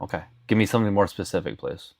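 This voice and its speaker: Man, live stream host, blunt and teasing, swears a lot, lowish voice, dry close sound. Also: animated, quick pace, creaky, a little mellow, no room sound. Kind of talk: casual live stream chat.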